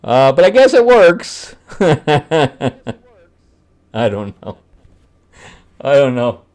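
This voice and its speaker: Animated, wry man reviewing comics. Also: mid-range voice, drawn-out words. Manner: animated, wry, mocking, laughs often. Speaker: host, screenwriter reviewing comics. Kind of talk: casual comic book review chat.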